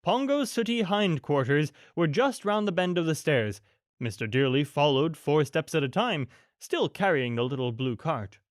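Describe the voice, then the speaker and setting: A man narrating a children's bedtime audiobook in a gentle, expressive storytelling manner. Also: fairly high pitch, moderate pace, dry recording, studio quality.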